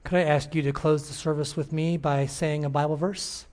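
A pastor closing a church service with a Bible verse and a gentle, earnest prayer to the congregation. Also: male voice, a little high, flat delivery, moderate pace.

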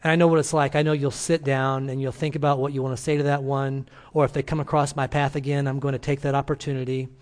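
A man's voice: mid-range voice, little pitch movement, fast, hardly any pauses, a little mellow. A man, a senior pastor, preaching a sermon to a congregation in a church, telling stories earnestly and urging his listeners. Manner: earnest storytelling, emphatic exhortation.

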